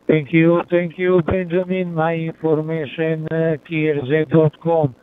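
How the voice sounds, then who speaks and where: A man's voice: on the high side, level tone, measured pace, smooth. A man from Serbia, formally spelling call signs during a radio contact. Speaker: amateur radio operator. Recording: narrow-band two-way radio audio.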